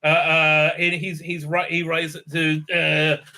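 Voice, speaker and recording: The reviewer's slightly high, sharp voice stays completely flat at a measured pace. Even so, his casual spoiler recap of a TV episode rambles with heavy fillers and constant "right?", breaking into enthusiastic praise.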